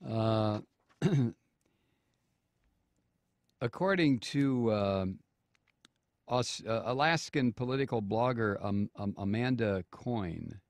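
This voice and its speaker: A man hosting political talk radio, reading a news story slowly with many fillers and sarcastic asides. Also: lowish voice, gravelly, no room sound, studio quality. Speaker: radio talk show host.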